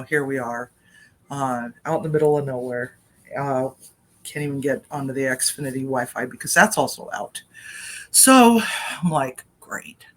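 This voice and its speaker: A chef and cooking vlogger, speaking in a mid-range, slightly bright voice, gives a casual personal update from a home kitchen. The story wanders into tangents as it's told into a laptop webcam.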